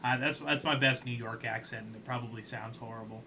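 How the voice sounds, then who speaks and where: A man's voice: mid-range voice, steady tone, fairly quick, sharp tone, slight background noise. A man casually commenting while playing a video game on stream, chatty and self-deprecating.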